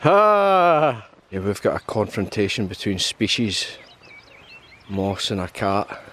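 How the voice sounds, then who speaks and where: Low-pitched and flat in delivery, this young Scottish hiking vlogger keeps a measured pace and a fairly bright tone. He's chatting casually and telling stories on a hill trail outdoors, often laughing, with slight background noise.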